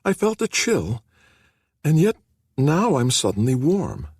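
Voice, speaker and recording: A husky-voiced man voicing a shy, frail young woman who speaks softly and with wonder. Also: fairly high pitch, very animated, measured pace, no echo, clean studio sound, pitched above the performer's own voice, heavily acted.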